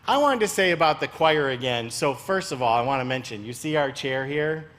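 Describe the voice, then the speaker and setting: A man giving church announcements in a sanctuary, in a warm, rambling way that turns emotional. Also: medium pitch, animated, brisk. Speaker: church staff member making announcements.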